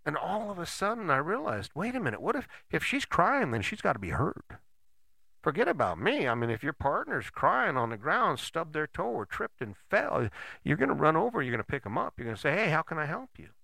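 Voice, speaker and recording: A man's voice: on the high side, huge pitch swings, fairly quick, gravelly, sharp tone, no room sound. An older man giving a casual motivational talk, folksy and blunt, often checking in with "right?".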